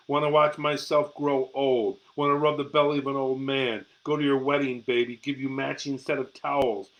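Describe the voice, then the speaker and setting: A middle-aged man with a medium-pitched, slightly bright voice reads his own poetry on a live stream, delivering it rawly and intensely and swearing freely. He's an amateur poet and show host speaking close into a phone or webcam, and the recording quality is rough.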